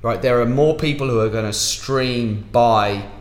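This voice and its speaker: A man's voice: medium pitch, unhurried, echoey room. A man with an English accent, a guest musician in a casual podcast chat, talking animatedly and swearing freely.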